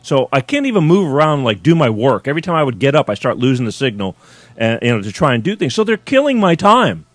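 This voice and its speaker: Hosting a live call-in show streamed to his viewers, a man rants in an exasperated, rambling, profane way. His medium-pitched voice is sing-song and fast, recorded dry, with faint chill music in the background.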